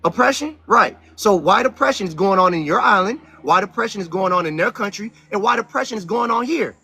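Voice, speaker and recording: A man hosting a heated live-stream debate, talking aggressively, interrupting and ranting loudly. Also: high voice, animated, a little fast, slightly rough, poor audio. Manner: aggressive, interrupting, loud rants. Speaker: host.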